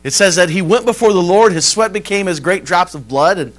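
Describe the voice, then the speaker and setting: A male pastor preaching a sermon at a church service, telling a story and moving between hushed and emphatic delivery. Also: high voice, lively intonation, fairly quick, low-quality recording.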